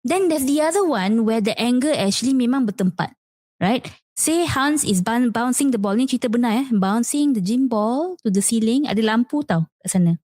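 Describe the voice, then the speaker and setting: A woman's voice: a little high, lively intonation, brisk, darkish tone, no room sound, studio quality. A Malaysian woman, a parent and teacher, co-hosting a casual podcast chat and mixing in Malay as she reenacts home scenes. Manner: switches between English and Malay mid-sentence, reenacts scenes.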